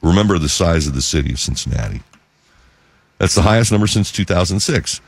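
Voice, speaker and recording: A man hosting a talk radio show, delivering an emphatic news monologue and slowing down to stress figures. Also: deep voice, expressive, creaky, husky, no echo.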